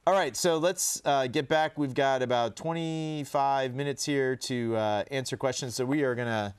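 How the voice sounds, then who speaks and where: Man, webcast host, casual chat, many fillers, smooth clear voice. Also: mid-range voice, moderate pace. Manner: chatty, many fillers and restarts. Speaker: show host.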